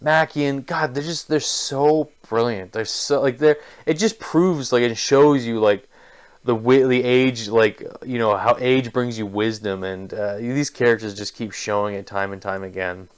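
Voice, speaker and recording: A man's voice: medium pitch, measured pace, smooth. A man giving a casual spoken book review, enthusiastic and gushing, with lots of filler words.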